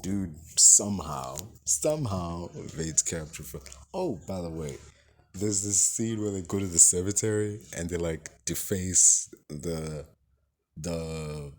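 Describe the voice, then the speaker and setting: A man giving a casual, profane movie review, ranting in an exasperated way and acting out what the characters say. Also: lowish voice. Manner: animated, profane, exasperated rant with acted-out quotes.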